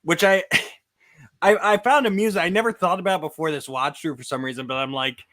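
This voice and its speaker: A man co-hosting a casual fan podcast, animated and quick to laugh, often restarting his sentences. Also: on the high side. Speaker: podcast co-host.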